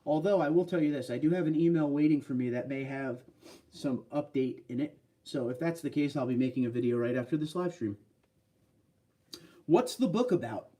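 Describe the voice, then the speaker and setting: A man's voice: on the high side, brisk, warm tone, far from the mic. A man hosting a casual livestream, chatting loosely and answering viewer comments. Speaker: livestream host. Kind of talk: casual live stream chat.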